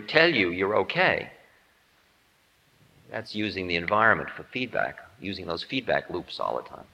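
A man's voice: fairly low pitch, sharp tone. A man giving a humorous spiritual lecture in a musing, wry, self-mocking way. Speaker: spiritual teacher. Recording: dull lo-fi tape in reverberant hall.

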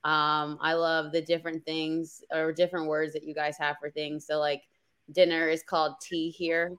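A woman's voice: low voice, flat delivery, moderate pace, fairly bright tone, clean tone. A young adult woman co-hosting a podcast, chatty and upbeat, laughing easily. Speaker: podcast co-host. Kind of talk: casual chat.

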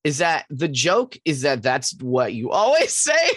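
A man's voice: on the high side, huge pitch swings, a little slow, fairly bright tone, dry recording, studio quality. A young man co-hosting a podcast, goofy and giggly in casual comedic chat. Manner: giggly, goofy, laughs often. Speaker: podcast co-host.

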